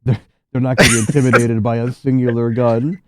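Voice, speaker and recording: A man running a tabletop game as game master, narrating in a relaxed, casual way. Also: mid-range voice, a little fast, slight background noise.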